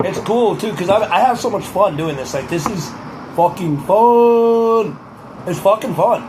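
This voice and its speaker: A man's voice: high voice, animated, a little fast, background noise. A young man vlogging in a loose, profane ramble who keeps repeating "truly" and slips into a mock-presidential cadence. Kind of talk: rambling casual monologue to camera.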